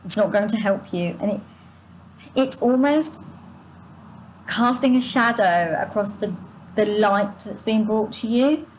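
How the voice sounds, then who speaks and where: A woman's voice: medium pitch, unhurried, long pauses, a little hiss or hum, rough recording. A woman giving a tarot reading to her viewers, searching for her words with many restarts and asides, her throat sore and her breath short. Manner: sighs and yawns while reading. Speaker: tarot reader. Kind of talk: spontaneous spiritual reading to viewers.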